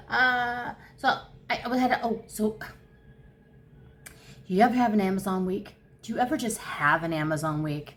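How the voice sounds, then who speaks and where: A woman in her fifties chatting casually at home for her crochet vlog, rambling and easily excited. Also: medium pitch, moderate pace, a little hiss or hum. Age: 50s. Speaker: crochet vlogger. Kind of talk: casual chat.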